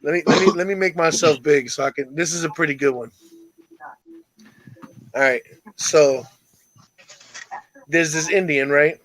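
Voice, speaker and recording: Crude, animated man telling dirty jokes. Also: a little high, measured pace, long pauses, slight background noise, low-quality recording. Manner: crude, animated storyteller doing character voices. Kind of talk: casual chat and joke telling.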